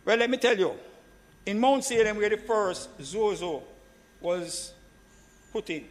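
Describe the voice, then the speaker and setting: A man's voice: high voice, lively intonation, a little slow. A man giving an emphatic parliamentary debate speech as a government senator, repeating phrases and addressing the chair. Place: senate chamber. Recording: long reverb of a chamber hall.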